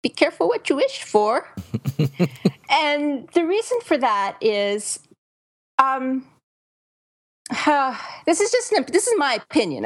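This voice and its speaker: Chatty woman podcast host. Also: on the high side. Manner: chatty, laughs easily, many fillers. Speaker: podcast host and thriller author. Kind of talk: casual podcast chat.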